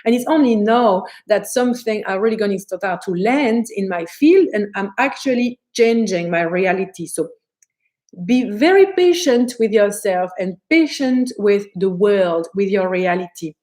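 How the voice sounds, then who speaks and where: A woman spiritual teacher talks to her live-stream viewers in a loose, chatty way. She is animated and acts out the thoughts running through her head. Her voice sits at a middle pitch. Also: unhurried. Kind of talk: live-stream talk answering viewer comments.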